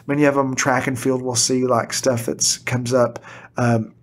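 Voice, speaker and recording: A middle-aged teacher appears as a podcast guest, chatting casually and telling animated stories in which he acts out what people said. He speaks at medium pitch and a little slowly.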